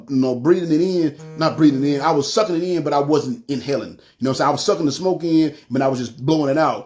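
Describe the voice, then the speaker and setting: A man, telling his personal testimony in an animated way, often saying "you know what I'm saying". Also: a little high. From North Memphis. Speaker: testimony speaker.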